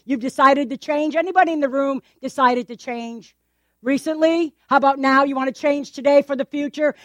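A woman pastor preaching a sermon in a church, animated and acting out the voices of the people in her story, laughing often. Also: sits high, no room sound.

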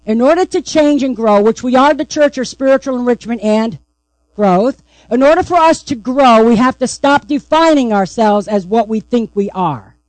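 A woman's voice: on the high side, animated, moderate pace, darkish tone, no echo, poor audio. A woman pastor preaching a sermon, emphatic and repeatedly asking the congregation "right?".

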